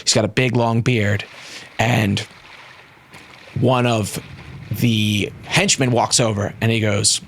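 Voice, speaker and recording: A man narrating a tabletop game as game master, in an animated, casual storytelling way with frequent fillers. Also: fairly low pitch, slow pace, long pauses, slight background noise.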